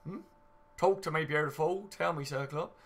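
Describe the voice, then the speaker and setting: Speaking at normal speed in a slightly high voice, a man hosts a relaxed fan channel stream, chatting and reading out comments from viewers with easygoing banter.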